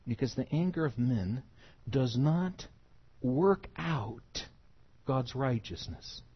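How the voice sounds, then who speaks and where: A pastor preaching an expository sermon, moving from quiet teaching to loud, emphatic passages. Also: male voice, medium pitch, slightly rough, muffled recording.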